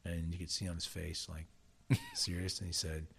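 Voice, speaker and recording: A man's voice: deep voice, normal speed, creaky, slight background noise. A middle-aged man from South Jersey, a soccer coach, telling stories in a casual interview with frequent restarts. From South Jersey, USA. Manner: animated storyteller, frequent restarts. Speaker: soccer coach and former player, guest.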